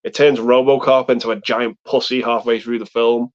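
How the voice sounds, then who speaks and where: A man's voice: medium pitch, level tone, moderate pace. A man chatting casually about films on a live stream, rambling and swearing, acting out movie lines. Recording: muffled lo-fi stream audio.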